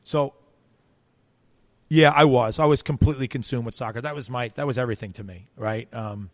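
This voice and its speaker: This interview guest is a man from the United States who narrates a story, voicing the people he quotes and frequently starting lines over. He has a medium-pitched voice and a brisk delivery, with no room sound in the recording.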